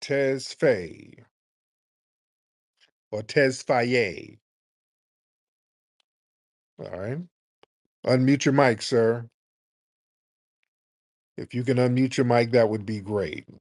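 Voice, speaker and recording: A blunt male radio host running a call-in show, quick to lose patience and push callers to get to the point. His voice is mid-pitched and dry, with little room sound. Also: dry recording. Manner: blunt, impatient, exasperated. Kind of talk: live call-in commentary.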